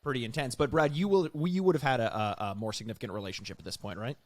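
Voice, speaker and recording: A man hosts a podcast and pushes the talk on with quick questions. He speaks fast in an easy, casual way. The mic is close and dry, with no room sound. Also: mid-range voice, no room sound. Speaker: podcast host. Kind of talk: casual interview chat.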